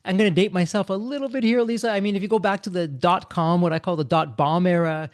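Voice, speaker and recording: Higher-pitched man hosting, dry. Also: fast talker, no echo. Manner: recaps the guest's points in his own words. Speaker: podcast host. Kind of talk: conversational interview.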